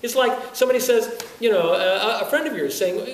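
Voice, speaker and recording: A wind band conductor lectures a room of music teachers at a teaching workshop, his high voice moving at a moderate pace with few pauses. He's animated, firing off rhetorical questions and chuckling often. The recording is echoey and distant, with a faint hiss.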